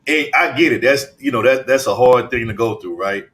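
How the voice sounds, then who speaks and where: A man presses his point hard, doubling back on his words and cursing freely. His pitch is ordinary, and the talk is loose and conversational. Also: brisk, a bit bright. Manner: emphatic, repeats himself, heavy slang and cursing. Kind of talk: casual chat.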